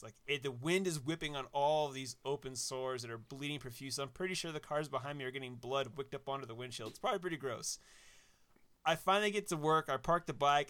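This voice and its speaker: Man, casual storyteller, animated, slightly high voice, smooth clear tone. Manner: animated, acts out quotes, laughs at own story. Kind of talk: casual anecdote.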